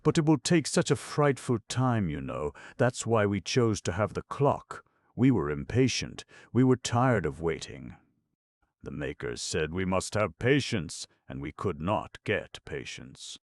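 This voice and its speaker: A man voicing a melancholy male clockwork man who speaks in a halting, plaintive way. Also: low-pitched, big pitch swings, no room sound, voice pushed up. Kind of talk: audiobook reading.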